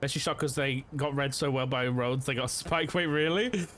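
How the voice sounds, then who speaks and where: A young man's brisk, mid-range, fairly bright voice carries his casual rambling as he streams a police roleplay game. He uses lots of fillers and says "like" often, with slight background noise behind him.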